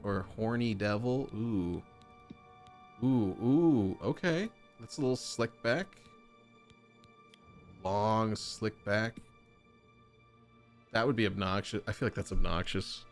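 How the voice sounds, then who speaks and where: Gaming streamer, male, lowish voice, casual chatty commentary with excitable reactions, faint game music underneath. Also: slow pace, pauses often. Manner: chatty, excitable oohs while browsing options.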